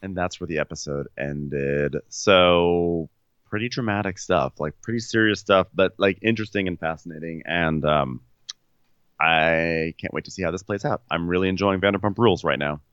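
A man co-hosting a podcast, narrating reality show scenes in a loose storytelling way. His voice is fairly low. The recording is dry and slightly dull. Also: normal speed, fairly bright tone, clear, resonant tone, dry recording. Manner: storytelling, retells scenes with filler words. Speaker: podcast co-host. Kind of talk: casual recap narration.

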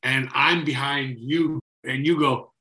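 A man recounting past days on a set with lively, detailed storytelling. His middle-pitched voice has a bright, forceful edge. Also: takes it slowly, rough recording. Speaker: co-worker on the show. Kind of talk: casual reminiscing chat.

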